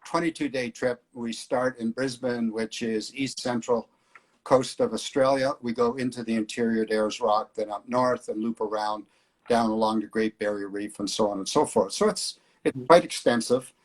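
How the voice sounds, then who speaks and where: A man's voice: medium pitch, moderate pace. A middle-aged man organizing flying tours, chatting casually in an interview with many fillers. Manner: relaxed storyteller, hesitant fillers.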